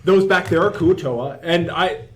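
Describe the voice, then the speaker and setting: A man playing a tabletop game in casual chat, halting and repeating his words. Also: fairly high pitch, slight background noise. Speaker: player.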